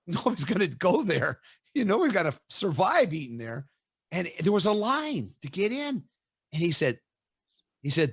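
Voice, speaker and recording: A middle-aged man hosting an interview, telling stories in a lively way and acting out quotes with laughs. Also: on the high side, normal speed, slightly rough, dry recording, clean studio sound. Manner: animated storyteller, acts out quotes with laughs. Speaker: host. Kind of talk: casual storytelling interview.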